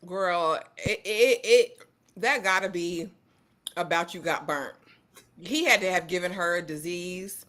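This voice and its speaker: A woman co-hosting a casual panel chat, quick and joking with emphatic slang. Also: lowish voice, a bit bright. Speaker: panel co-host. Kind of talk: casual chat reacting to viral clips.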